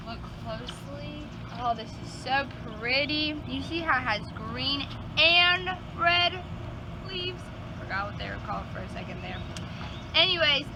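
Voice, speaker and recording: High-voiced Southern woman teaching flowers. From Georgia. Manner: bubbly, enthusiastic, exclaims often. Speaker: floral design instructor. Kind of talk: casual video lesson. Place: outdoors in yards, then indoors at a table. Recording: dull lo-fi sound with outdoor noise.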